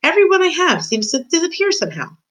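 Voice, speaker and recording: A woman's voice: very high-pitched, very animated, fast, voice pushed up, heavily acted, poor audio. A woman reading aloud and voicing a kind, polite young princess. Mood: gentle. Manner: polite and gentle.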